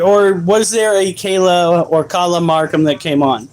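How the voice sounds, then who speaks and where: A man's voice: high-pitched, steady tone, unhurried, few pauses, very noisy. A man chatting on a casual live stream while caring for his pets, joking, swearing and scolding his dogs. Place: at home with animals.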